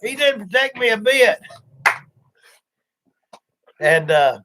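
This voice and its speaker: Guy hosting a livestream, voice a little high, rambling folksy stories, does voices for people in them. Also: big pitch swings, slow, background noise. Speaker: livestream host. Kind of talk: casual storytelling chat.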